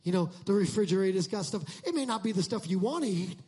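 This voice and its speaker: A man preaching in a strikingly high, husky voice. He talks to the congregation in a loose, joking way, then climbs into loud, shouted peaks. It is a full sermon delivery rather than a calm talk. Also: fast talker. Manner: swings from soft asides to shouted climaxes; jokey, conversational asides to the congregation. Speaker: pastor.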